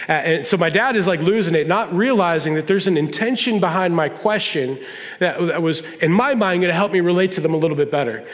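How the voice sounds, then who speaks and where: A man's voice: on the high side, fairly quick. A middle-aged man, a pastor, preaching a humorous storytelling sermon and acting out family dialogue. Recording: long reverb of a large hall.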